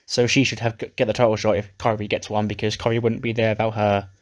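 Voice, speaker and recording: A man's voice: on the low side, level tone, fast talker. A man narrating a wrestling simulation playthrough, recapping matches casually. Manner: recaps storylines casually with swearing. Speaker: game player narrating.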